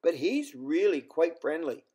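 A kind, gentle hippo, voiced by a man in a storybook reading. He speaks slowly and reassuringly, in a fairly high voice. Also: big pitch swings, husky, heavily acted.

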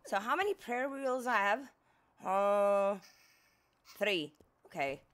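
Bright-voiced woman streaming a game, slow talker, swears and yells at it a lot. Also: mid-range voice, animated. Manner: exasperated, swearing, loud outbursts at the game. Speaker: gameplay streamer. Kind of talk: gameplay commentary.

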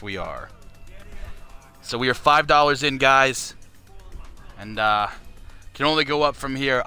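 A man from Canada who rambles through a casual livestream, swearing and cracking jokes. His voice is bright and smooth at a mid pitch, and he keeps the chatter loose and offhand. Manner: crude, joking, rambling. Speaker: livestream fundraiser host.

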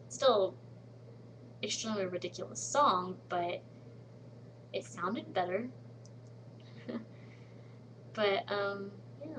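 A woman chatting casually to her webcam at home late at night, rambling with lots of "um"s and dropping into soft murmured asides. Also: a little high, slight background noise, rough recording. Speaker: vlogger in a collab channel. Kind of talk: casual chat to camera.

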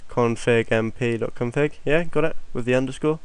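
Fighting a cold, a young man walks through a screen-recorded game tutorial in an offhand, rambling way, muttering to himself. His medium-pitched voice is clear and resonant at a moderate pace, in a dry recording.

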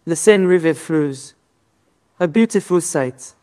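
Slow poetic reciter from an AI voice. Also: mid-range voice, mellow, close to an everyday voice. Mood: dreamy. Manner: reciting verse slowly. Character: slow poetic reciter with put-on French accent.

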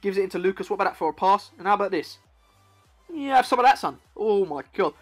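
A man's voice: sits high, fast, soft background music. A young man giving hyped, playful commentary over football game clips, talking straight to the viewer. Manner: excitable, playful, talks to the viewer. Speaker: gaming YouTuber.

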